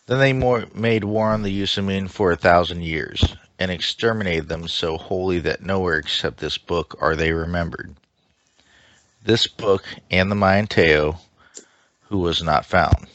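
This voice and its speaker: A man reading a dark myth aloud in a steady storytelling manner, through a dull lo-fi mic with faint hiss. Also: low-pitched, measured pace, dry recording. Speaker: lore reader.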